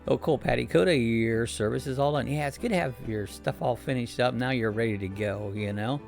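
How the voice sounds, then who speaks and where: A man hosts a casual live stream from his house, talking with a gravelly edge at an ordinary pitch. He rambles easily from topic to topic and reads out viewers' comments and greetings as they come in. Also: a little fast, darkish tone, soft background music. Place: home.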